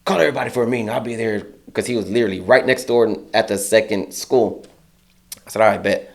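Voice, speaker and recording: A man's voice: on the low side, fast. A man, an interview guest, telling a story in casual, profane speech and acting out other people's lines in a raised, heated voice. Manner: acts out quotes in a raised, heated voice. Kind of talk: animated storytelling.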